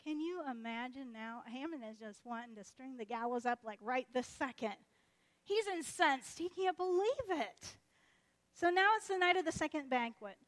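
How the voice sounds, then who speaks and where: A woman delivers a sermon as lively, conversational storytelling, jumping into character voices along the way. Her voice sits high, and her delivery is chatty and animated. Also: brisk, hardly any pauses. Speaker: preacher.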